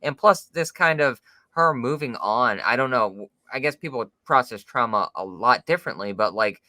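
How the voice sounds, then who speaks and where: A man co-hosting a podcast, talking through a film in halting, casual chat with many fillers. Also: medium pitch, expressive, sharp tone, no room sound. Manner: hesitant, halting with restarts and fillers. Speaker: podcast co-host.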